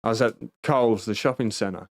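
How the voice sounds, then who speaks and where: A man's voice: fairly low pitch, a little fast. A man with an Australian accent hosting a casual livestream, chatting and reacting to viewer comments in a blunt, heavily profane, emphatic way. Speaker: livestream host.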